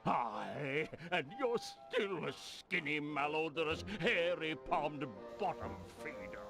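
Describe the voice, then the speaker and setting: A gruff old pirate barkeep from a video game. His voice is slow and gravelly, full of pirate slang and barbs. Game music plays behind him. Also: fairly high pitch, sing-song, exaggerated voice. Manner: salty pirate slang, trading insults. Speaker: game character.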